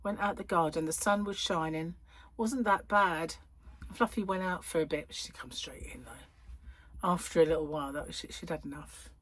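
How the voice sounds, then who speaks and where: A middle-aged woman chats away from her home. Her voice sits fairly low and has a husky, slightly breathy grain. She rambles through asides and laughs easily. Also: fairly quick, a bit bright. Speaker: crochet channel host. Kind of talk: casual chat to camera. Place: at home, indoors.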